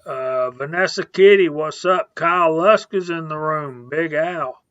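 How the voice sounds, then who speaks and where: A man hosts a casual live stream, working slowly through a list of viewers' names in a relaxed way. His voice sits a little high for a man. The sound is dry and a bit dull and lo-fi. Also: no room sound. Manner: reads out viewer names, laid-back.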